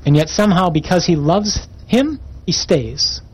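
A man's voice: high voice, animated, unhurried, slightly rough, rough recording. A man preaching a sermon, reading scripture aloud and commenting on it with emphatic, rising intensity.

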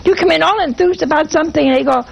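Gravelly-voiced woman giving a folksy sermon. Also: high-pitched, rapid-fire, slight background noise, poor audio. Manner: folksy, humorous, conversational preaching. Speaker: preacher.

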